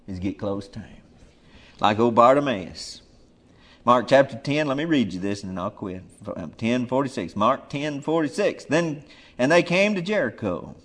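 Brief: male preacher mid-sermon, emphatic, drops soft, then rises loud and urgent. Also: mid-range voice. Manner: emphatic, swings between soft murmurs and loud urgent calls.

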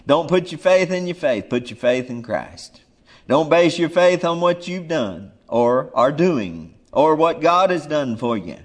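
A man's voice: a little high, very animated, a little slow. Urgent, emphatic male preacher. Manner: emphatic, swings between soft murmurs and loud urgent calls. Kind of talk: sermon.

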